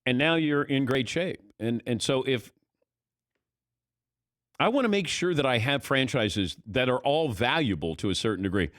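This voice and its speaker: A middle-aged man hosting sports talk radio, telling stories with lively energy and acting out his own past thoughts. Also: mid-range voice, dry recording, studio quality.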